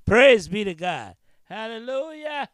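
A man pastor preaches in an unhurried, sing-song cadence. He drops in amens constantly and punctuates phrases with a rhythmic "huh". His voice is smooth and resonant, and it sounds close and dry. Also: very high-pitched, sing-song, a bit bright, dry recording. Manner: frequent interjected amens and hallelujahs. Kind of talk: sermon.

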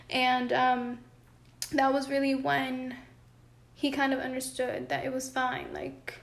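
A woman with a high-sitting, monotone, creaky voice speaks slowly, with reverb on the recording. She co-hosts a podcast from home with her cat, chatting earnestly about relationships in long, flowing sentences.

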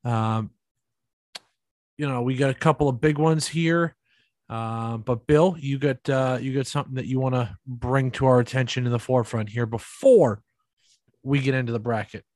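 A man's voice: mid-range voice, fairly even intonation, moderate pace, darkish tone, no room sound. A man co-hosting a casual podcast, rambling through stories with lots of fillers. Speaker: podcast co-host. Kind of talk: casual chat.

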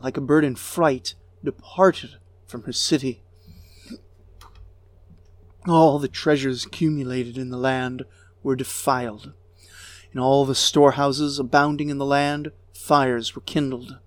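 A man giving a grave, measured reading of an ancient lament as narrator. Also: mid-range voice, dry recording. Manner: slow, grave, measured delivery.

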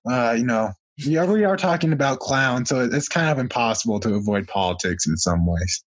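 A man's voice: medium pitch, lively intonation, brisk. A young man hosting a casual podcast, rambling with constant filler words. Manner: rambling, full of "you know" fillers. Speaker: podcast host. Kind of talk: casual chat.

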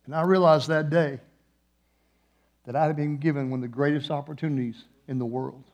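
A man preaching a sermon in a church, moving between hushed, slow passages and loud, passionate peaks. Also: a little high, fairly even intonation, dull audio. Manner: impassioned, swings from hushed to loud. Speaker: guest preacher.

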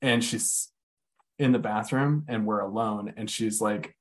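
A man shares a personal story in candid, casual conversation, cursing freely, leaning on filler words and easing his pace when things get heavy. He speaks at a fairly low pitch.

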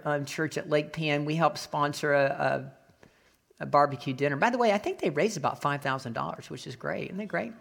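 A male pastor delivering a sermon, telling a personal story with animated acted-out voices. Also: on the high side, vocal fry. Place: Florida.

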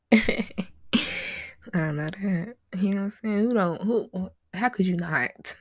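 A woman's voice: medium pitch, takes it slowly, dry recording, clean studio sound. A young woman hosting a solo podcast, chatting casually with lots of slang, rambling asides and frequent laughs. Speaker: podcast host.

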